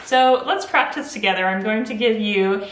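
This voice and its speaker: A woman teacher explains calmly and clearly to parents, her voice sitting at an ordinary middle pitch. She speaks gently and patiently, now and then with a soft laugh. The sound carries a noticeable room echo. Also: moderate pace, slight background noise. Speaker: Montessori teacher. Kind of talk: friendly instructional talk to parents.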